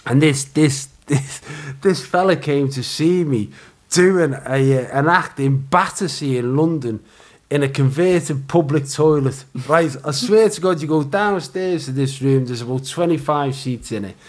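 A Liverpool-accented man in his forties telling show-business stories in relaxed podcast chat. He brings the anecdotes to life by acting out the people in them, with plenty of laughter and swearing. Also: on the high side, unhurried. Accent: Liverpool (Scouse). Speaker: comedian guest. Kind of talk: casual storytelling chat.

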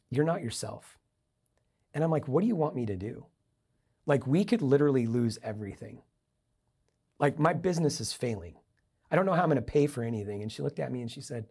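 Husky-voiced man telling a story. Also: medium pitch. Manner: animated storyteller acting out quoted dialogue. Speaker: guest, entrepreneur and investor. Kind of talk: storytelling in a podcast interview.

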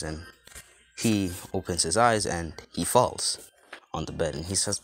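Low-voiced man rambling through a story. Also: moderate pace, fairly bright tone, a little hiss or hum. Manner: rambling, many fillers and restarts. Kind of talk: casual fan-story retelling.

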